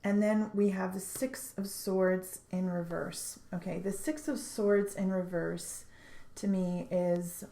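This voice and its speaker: A woman giving a spiritual tarot reading in an earnest, halting way, often restarting her sentences. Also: fairly low pitch, fairly even intonation, dark tone. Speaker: tarot reader. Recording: echoey room.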